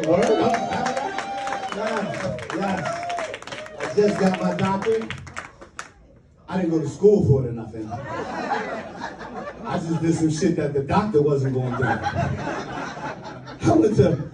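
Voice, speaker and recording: High-voiced grandfather comic on a live stage. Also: distant mic, background noise. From US East Coast. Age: 50s. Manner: loose, profane, laughing storytelling. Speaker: stand-up comedian. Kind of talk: stand-up comedy set. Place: live comedy club with audience. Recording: roomy live stage mic, crowd.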